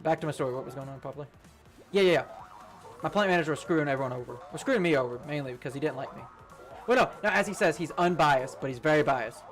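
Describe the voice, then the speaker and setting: A young man, fairly high-voiced for a guy, telling a rambling story while he plays a game, swearing freely and laughing along the way. Faint game music runs underneath his voice. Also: quick pace, fairly bright tone. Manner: rambling, profane, laughs a lot. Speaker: streamer. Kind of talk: casual storytelling while gaming.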